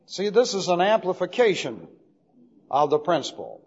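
A man's voice: high voice, huge pitch swings, moderate pace, slightly rough. A male pastor giving an expository sermon, emphatic and methodical, repeating key terms as he explains them step by step. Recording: dull lo-fi recording with long hall reverb.

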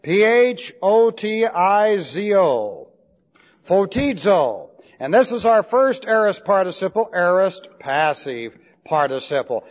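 A man's voice: sits high, very animated, takes it slowly. A man teaching Bible Greek grammar in a classroom lecture, emphatic, repeating points and spelling out key words. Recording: dull lo-fi recording with long hall reverb.

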